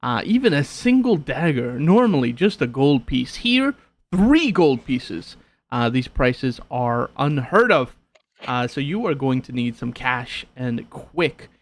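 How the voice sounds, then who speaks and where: A man narrating as game master, halting and repeating himself often. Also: mid-range voice, very animated. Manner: halting, many fillers and restarts.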